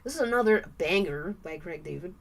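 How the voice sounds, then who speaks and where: A woman's voice: lowish voice, lively intonation, a little fast. A woman chatting casually on a live stream while she draws, playful and chatty, thanking viewers and humming little tunes as she works.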